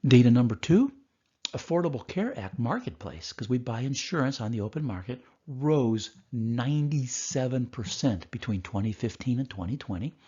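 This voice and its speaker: A man who is a doctor, giving a recorded course lecture and telling a story from his work with animated voices. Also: mid-range voice, moderate pace, slightly rough, highs cut off.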